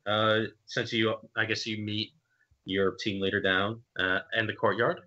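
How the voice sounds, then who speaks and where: Bright-voiced young man running a game. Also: fairly low pitch, flat delivery, a little slow. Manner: loose and hesitant, many fillers. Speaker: game master. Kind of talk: casual tabletop game narration. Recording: dull lo-fi stream audio.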